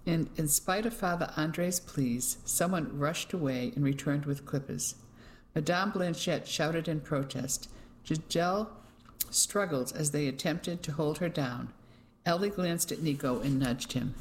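An audiobook narrator reading a wartime novel in an even, measured way. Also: a little hiss or hum, rough recording. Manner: reads evenly, shifting pitch for characters. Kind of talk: scripted narration.

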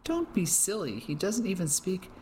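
A woman's voice: fairly low pitch, big pitch swings, moderate pace, mellow, a little hiss or hum, pitched above the performer's own voice. A woman voicing a brave, defiant wife facing a soldier in wartime. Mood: tense. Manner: alarmed, defiant.

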